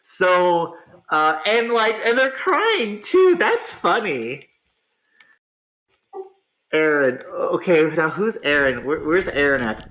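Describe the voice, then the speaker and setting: A man hosting a casual online talk show, reacting excitably to gaming politics with frequent laughs and drawn-out exclamations. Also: high-pitched, rough recording. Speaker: podcast host.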